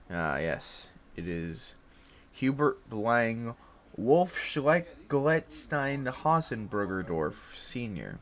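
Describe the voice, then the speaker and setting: A young man rambling in a casual monologue, circling back with fillers and restarts and laughing at himself. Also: slight background noise. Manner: rattling off a long string of mock-German names, rising higher and louder. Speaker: host.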